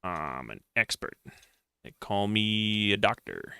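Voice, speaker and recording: A man's voice: on the low side, sing-song, slow pace, gravelly, pushed and bright, clear, resonant tone, dry recording. A man streaming a retro adventure game, reading its text aloud and mocking himself with jokey outbursts.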